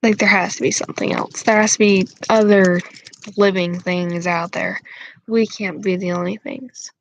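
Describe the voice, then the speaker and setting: A woman's voice: medium pitch, steady tone, moderate pace, gravelly, dull audio. A young woman hosting her channel, chatting casually with viewers in a rambling, giggly way full of fillers.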